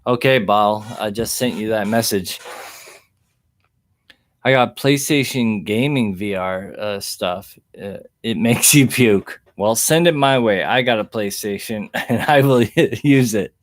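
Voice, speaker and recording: Slow, rambling man livestreaming. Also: fairly low pitch. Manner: rambling and easygoing, chuckles often. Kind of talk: casual livestream chat, reading chat. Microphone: webcam.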